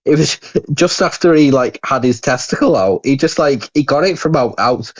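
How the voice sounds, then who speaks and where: A man's voice: mid-range voice, expressive, moderate pace, lo-fi sound. A man co-hosting a podcast, retelling stories animatedly in casual chat and laughing as he goes. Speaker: podcast co-host.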